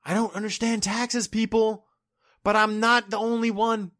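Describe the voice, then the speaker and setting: A man's voice: sits high, little pitch movement, moderate pace, a bit bright. A man ranting in a vlog, exasperated and rambling, swearing often and trailing off into mumbles. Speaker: vlogger.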